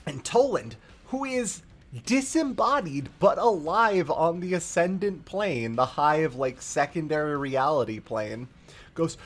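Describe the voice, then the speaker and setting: A streamer rambling through a story recap with a very lively, up-and-down voice. The delivery is casual and profane, full of fillers like "like.". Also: mid-range voice, unhurried.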